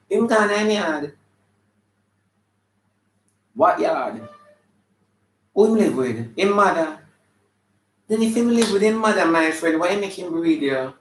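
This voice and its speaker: At a live show venue, a high-pitched Jamaican man riffs through comedy banter, sassy and flamboyant, scolding the audience like a preacher. His voice echoes around the room.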